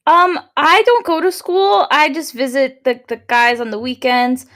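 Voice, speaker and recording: Woman, high voice, quick playful tabletop player. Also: fairly even intonation, fairly bright tone. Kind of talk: tabletop role-play chat.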